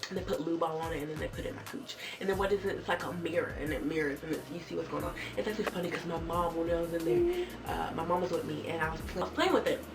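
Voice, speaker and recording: Young woman vlogger, low-ish voice, joking storytime, squeaky impressions, mic set back from her. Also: very fast, hardly any pauses. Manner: animated, jokey, with squeaky high voices for quoted people. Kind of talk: casual storytime chat. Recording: far from the mic with clear background music.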